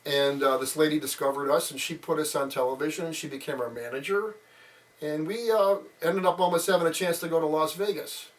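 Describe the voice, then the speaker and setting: Speaking a little fast in a slightly high voice with fairly even intonation, a man in his sixties shares childhood stories in a laid-back interview. He rambles, uses plenty of fillers and acts out quotes, and his voice is a bit far from the mic.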